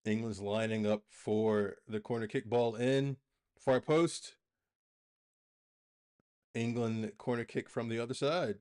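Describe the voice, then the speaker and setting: A man hosting a live football watch-along, calling the play with excitable bursts and chatting casually to his viewers. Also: mid-range voice, takes it slowly, pauses often, clean tone.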